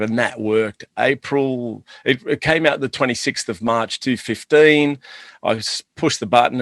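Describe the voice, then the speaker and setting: A man's voice: fairly low pitch, fairly bright tone, dry recording. Enthusiastic man telling stories. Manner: enthusiastic, rambling anecdotes. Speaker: guest, chocolate business owner. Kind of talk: casual interview storytelling.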